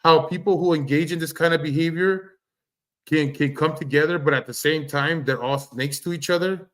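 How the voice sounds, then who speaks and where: A man with a somewhat high voice rants through a livestream about online drama. He swears freely and keeps stumbling over himself, restarting sentences as he pushes his point. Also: fairly even intonation, normal speed, fairly bright tone. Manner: heated, repetitive, swears freely, stammers and restarts. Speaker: livestream commentator. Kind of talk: ranting commentary on online drama.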